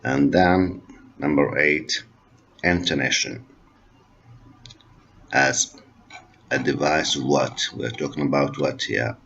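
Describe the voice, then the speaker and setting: A man with Arabic as his first language lectures on linguistics in a slow, deliberate way, repeating each point for his students. His voice is very deep and slightly husky. The recording sounds dull and lo-fi. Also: fairly bright tone. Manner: slow, repetitive explaining, switching between English and Arabic.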